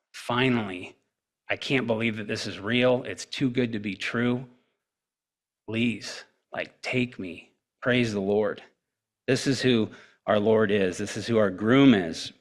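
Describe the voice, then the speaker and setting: A man preaching a sermon in an earnest way, often pausing on fillers and repeating words as he goes. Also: medium pitch, a bit bright.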